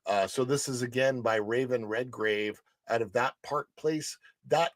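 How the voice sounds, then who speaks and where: A man's voice: medium pitch, fairly even intonation, unhurried, few pauses, dry recording. A middle-aged man hosting a livestream news show, reading articles aloud with chatty asides and fillers. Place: studio.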